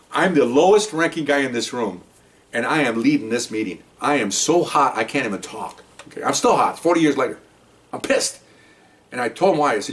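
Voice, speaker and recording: An older man, a retired narcotics detective, telling a story from his career in a heated, animated way and acting out what people said. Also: medium pitch, distant mic. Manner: heated, animated, acts out quoted lines. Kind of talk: personal storytelling.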